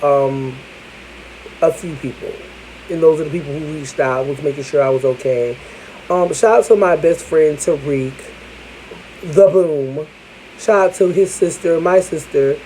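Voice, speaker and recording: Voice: medium pitch, warm tone, a little hiss or hum, rough recording. A vlogger telling a personal story to the camera in a candid, chatty way, with casual swearing.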